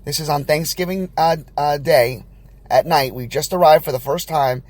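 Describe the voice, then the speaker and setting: A young man, a new father hosting a podcast, telling a personal story in a rambling, animated way with many restarts. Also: on the high side, normal speed, dry recording. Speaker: podcast host.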